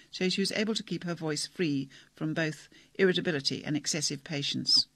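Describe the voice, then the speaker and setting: Gravelly male narrator. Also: on the high side, fairly bright tone, no echo. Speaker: audiobook narrator. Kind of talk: scripted narration.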